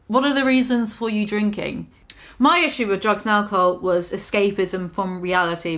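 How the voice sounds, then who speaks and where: A woman's voice: medium pitch, a bit bright. Brief: young British woman, casual vlogger, frank, chatty, swears freely, self-deprecating. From Britain. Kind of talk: casual confessional vlog.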